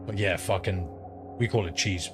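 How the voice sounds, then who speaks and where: A man's voice: deep voice, normal speed, music in the background. A man streaming a game, telling a long story in rambling, profane casual chat. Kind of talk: casual chat while gaming. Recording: steady background noise.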